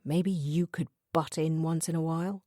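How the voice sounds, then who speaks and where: A woman's voice: deep voice, fairly even intonation, moderate pace, mellow, no echo, clean studio sound. A woman voicing an angry, resentful teenage boy in an audiobook, speaking in a bitter, clipped way.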